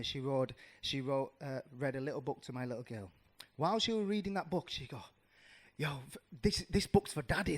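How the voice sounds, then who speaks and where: 30s guy, kinda high voice, telling a kids story casual, slangy, lots of uhs. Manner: animated, restarts and fillers, street slang. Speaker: audience member.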